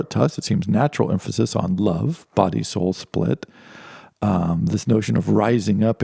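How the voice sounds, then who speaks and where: A man's voice: on the low side, gravelly, dark tone, husky, no room sound, clean studio sound. A man giving an informal philosophy lecture, talking conversationally with many restarts and asides.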